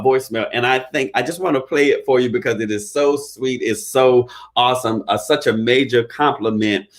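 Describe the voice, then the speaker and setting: Emphatic man coaching his viewers. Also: medium pitch. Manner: emphatic, preachy and joking. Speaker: credit repair consultant. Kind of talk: casual talk to viewers.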